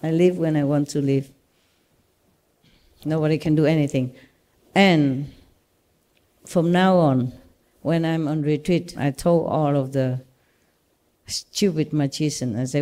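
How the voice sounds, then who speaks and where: Mellow-voiced woman teacher with a Vietnamese accent. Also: low voice, measured pace, long pauses. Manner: reassuring, animated storytelling with laughs. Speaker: spiritual teacher. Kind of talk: casual talk to disciples.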